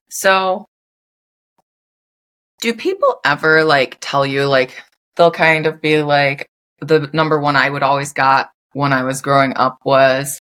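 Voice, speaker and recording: A woman's voice: sits low, fairly bright tone. A young woman hosting her own podcast, talking loosely and unscripted with lots of "like" fillers. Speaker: podcast host. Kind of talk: casual solo podcast chat.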